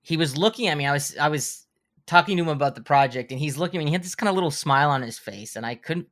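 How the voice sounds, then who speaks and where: A man in his thirties, a horror filmmaker and guest on a casual podcast, telling animated anecdotes with frequent restarts and stammers. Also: on the high side, very fast. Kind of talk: casual podcast conversation, storytelling.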